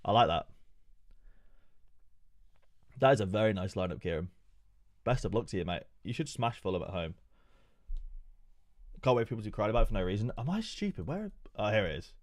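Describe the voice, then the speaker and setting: Man, streamer, reads aloud, swears and jokes, lively swinging pitch, dry close sound. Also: quick pace, pauses often, dry recording. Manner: excitable and profane, joking asides between read passages. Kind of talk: live stream reading an update aloud.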